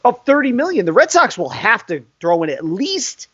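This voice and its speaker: Podcast co-host, man in his forties, animated storyteller, pitch a touch high. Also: normal speed, slightly rough, dry recording, dull audio. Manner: animated storyteller, laughs often. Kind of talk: casual sports chat.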